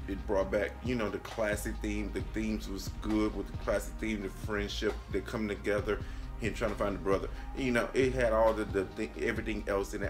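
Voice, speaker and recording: This casual movie review comes from a man in his late twenties who is animated and sassy throughout. He calls the viewer "honey" and jumps to a high pitch when repeating his own words.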